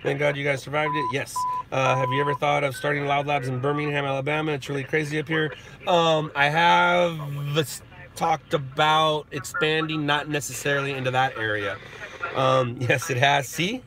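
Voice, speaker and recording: A man's voice: a little high, flat delivery, moderate pace, a crowd in the background. A middle-aged man from Southern California hosting a casual live stream, chatting and laughing as he answers viewers. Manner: rambling, chatty, laughs often. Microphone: phone.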